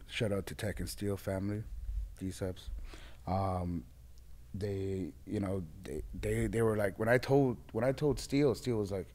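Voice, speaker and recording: A man's voice: sits low, moderate pace. A man, a guest DJ telling stories in a casual interview and acting out what others said. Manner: animated storyteller, acts out quoted voices.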